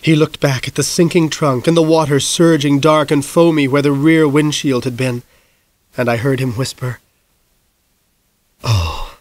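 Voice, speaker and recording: A man narrating a novel as an audiobook in measured, grave storytelling, dropping soft at the darkest moments. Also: a little high, fairly even intonation, dry recording.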